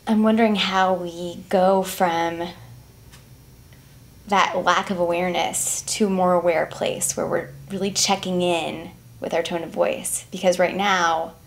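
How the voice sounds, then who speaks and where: A woman speaking thoughtfully and candidly about her own habits. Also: on the low side. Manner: thoughtful, candid, self-questioning. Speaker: client in session. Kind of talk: reflective conversation.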